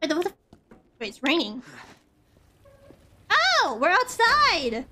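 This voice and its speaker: A woman with a high voice talks her way through a horror game on stream. She rambles, stacks up "like" and swears whenever she gets startled, over a faint hiss of background noise. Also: huge pitch swings, slow pace. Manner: rambling, nervous, swears often, frequent "like". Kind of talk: casual gameplay commentary.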